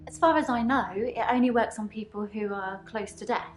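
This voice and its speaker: A woman voicing a troubled young female patient who believes she can shapeshift, speaking in an earnest, halting way. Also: fairly high pitch, reverberant, slight background noise, close to an everyday voice. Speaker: game character.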